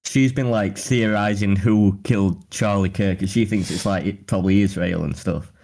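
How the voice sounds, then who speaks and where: A man's voice: on the low side, steady tone, normal speed, creaky, a little mellow. A man co-hosting a livestream, talking in a laid-back, agreeing way. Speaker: co-host. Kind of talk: livestream chat.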